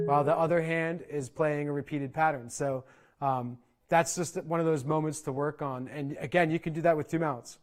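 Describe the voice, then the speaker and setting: A man teaching percussion in an online clinic, explaining in a relaxed conversational way and often checking in with "right?". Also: fairly high pitch, a little fast, loud music behind the voice. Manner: conversational, frequent "right?" check-ins and fillers. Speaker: percussion instructor.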